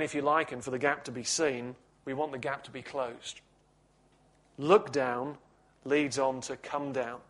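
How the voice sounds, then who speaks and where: A man preaching a sermon in a measured, reflective teaching manner with touches of gentle humor. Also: medium pitch.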